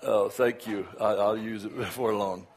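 A man's voice: lowish voice, fairly even intonation, normal speed, slightly rough. Chatty older Southern preacher man. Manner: chatty, laughing, self-deprecating asides. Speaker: guest preacher. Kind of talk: casual sermon opening.

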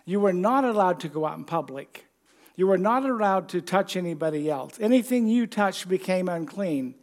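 High-voiced man preaching a sermon. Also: darkish tone. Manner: conversational, storytelling, reads scripture slowly.

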